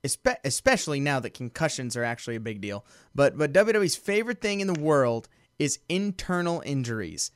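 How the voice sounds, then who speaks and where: Guy with a high lively voice, jokey and quick to agree, dry mic. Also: smooth, no echo. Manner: laughs easily, chimes in with quick agreement. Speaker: podcast co-host. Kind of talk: casual chat.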